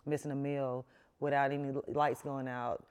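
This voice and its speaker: A man's voice: mid-range voice, flat delivery, moderate pace, smooth. A man hosting a casual conversation, affirming his guest often and speaking openly about his own experiences. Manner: affirming, frequent listening backchannels. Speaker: host.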